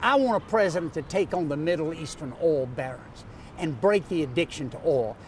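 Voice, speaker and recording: A man in his sixties with a Louisiana Southern accent, a political candidate giving an emphatic campaign pitch in an interview, driving home his points with repeated lists. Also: expressive, a little fast, slight background noise. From North Louisiana, USA. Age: 60s. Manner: emphatic, repetitive rhetorical lists.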